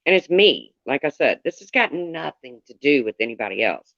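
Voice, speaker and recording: A man's voice: mid-range voice, sing-song, brisk, vocal fry, a bit bright, dry recording, dull audio. A man livestreaming in casual chat, rambling candidly and greeting viewers by name.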